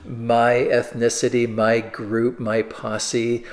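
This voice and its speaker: Casting: man preaching in a casual, halting teaching style, mid-pitched voice. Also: flat delivery. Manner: conversational, with fillers and repeated restarts. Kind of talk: discussion-starter sermon, reading scripture.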